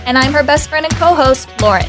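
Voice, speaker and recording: A chatty woman co-hosting a podcast in casual chat. She talks in a somewhat high voice, rambles from one story to the next and laughs often. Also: brisk, over music. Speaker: podcast co-host.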